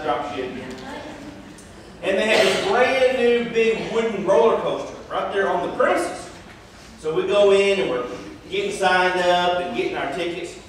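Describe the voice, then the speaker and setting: A man in his thirties, a senior pastor telling a comic story in a sermon, joking at his own expense with playful exaggeration. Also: sits high. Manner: self-deprecating humor, playful exaggeration. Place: large church sanctuary. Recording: echoey church hall, distant mic, noise.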